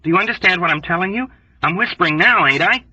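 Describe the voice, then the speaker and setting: A man voicing a hotheaded young airman who talks in a rough, quavering, overwrought and pugnacious way. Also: sits high, expressive, fast, pushed and bright, recorded from a distance, highs cut off, voice pushed up, exaggerated voice. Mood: agitated. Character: frantic sneezing young male airman, hotheaded. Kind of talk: audiobook character voice.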